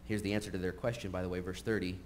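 A man's voice: low-pitched, rapid-fire, slight background noise. Conversational man preaching a sermon. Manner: conversational, animated storytelling with frequent fillers. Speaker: pastor. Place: church sanctuary. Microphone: live-streamed recording.

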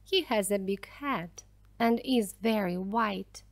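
A woman reading a children's story aloud slowly and clearly for language learners. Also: medium pitch, no room sound. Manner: slow, clear, careful reading. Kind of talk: scripted narration for language learners.

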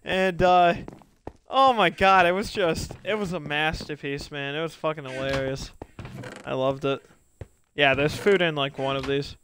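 A young man streaming a game, chatting casually and excitably with many fillers and laughs. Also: fairly high pitch, unhurried, noisy background. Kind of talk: casual gaming chat.

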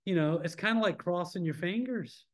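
Higher-voiced man teaching a Bible study. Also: moderate pace. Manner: informal, asks the class questions. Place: church.

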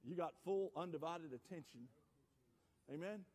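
A man preaching a sermon as pastor, dropping low and quiet then rising to shouts. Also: normal speed. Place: church sanctuary. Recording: church sanctuary with long reverb.

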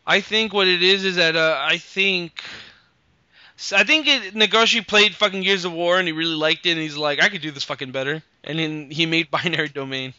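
A man's voice: sits high, steady tone, normal speed, bright, forceful tone, smooth. A young man hosting a casual gaming podcast, jokey and loose, swearing freely and restarting his sentences. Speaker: podcast host. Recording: dry, slightly lo-fi podcast mic.

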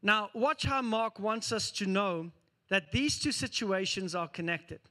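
Man, pastor, sermon, animated storytelling, high pitch. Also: measured pace. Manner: animated storytelling, acting out scenes.

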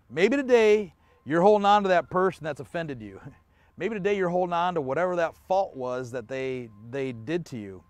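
Lively, chuckling man preaching a sermon. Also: on the high side, no room sound. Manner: conversational, chuckles often, rhetorical questions. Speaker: pastor. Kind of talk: online church sermon.

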